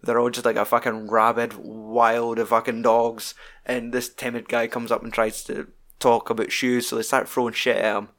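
A man's voice: medium pitch, fairly bright tone. A man chatting casually about a film, swearing freely and rambling with enthusiasm.

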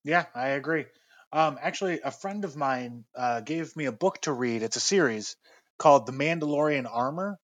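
A man's voice: medium pitch, animated, normal speed, no room sound. A man co-hosting a podcast, chatting in an easygoing way with nerdy enthusiasm. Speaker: podcast co-host. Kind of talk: casual pop-culture chat.

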